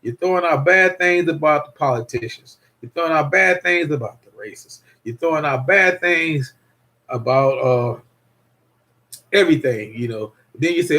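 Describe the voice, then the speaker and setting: A man's voice: fairly high pitch, lively intonation, normal speed, a bit bright. An older man hosting a casual livestream, rambling and repeating himself while greeting viewers. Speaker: livestream host.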